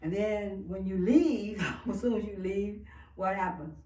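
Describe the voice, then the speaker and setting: A woman's voice: mid-range voice, a little slow, warm tone. A woman giving a casual spiritual pep talk, emphatic and profane, often breaking into laughter. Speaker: spiritual speaker. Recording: echoey room, far from mic.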